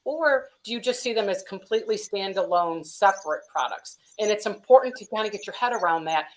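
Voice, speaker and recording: On a rough recording, a company vice president speaks in an expressive, medium-pitched voice at a fairly quick clip. This woman is explaining practical steps in a chatty, advisory business webinar interview, and her speech is thick with "you know" and "um."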